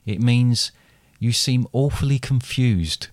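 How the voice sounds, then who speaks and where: A man co-hosting a casual podcast, playfully putting on regional accents, laughing often and drawling phrases slowly. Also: medium pitch, darkish tone, dry recording. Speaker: podcast co-host.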